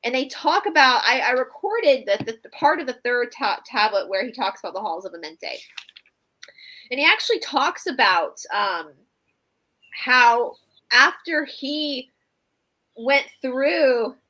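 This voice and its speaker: A woman co-hosting a casual live stream about spiritual topics, animated and quick to laugh. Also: sits high, rough recording.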